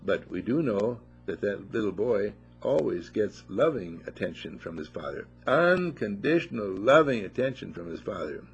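A man giving an informal spiritual talk to a small group at a monastery, animated and playful, full of rhetorical questions. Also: lowish voice, moderate pace, vocal fry, few pauses, slight background noise. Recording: dull lo-fi recording.

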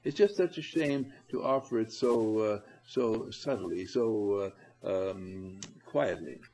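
A man leading a spiritual seminar, coaxing and animated, who addresses his listeners directly and laughs often. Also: lowish voice, slow pace, faint music behind, poor audio. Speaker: seminar leader. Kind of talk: spiritual seminar talk to a group.

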